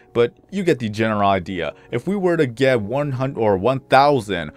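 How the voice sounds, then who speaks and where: A young man, a gaming YouTuber, chatting casually over his gameplay, rambling, often correcting himself and repeating phrases. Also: mid-range voice.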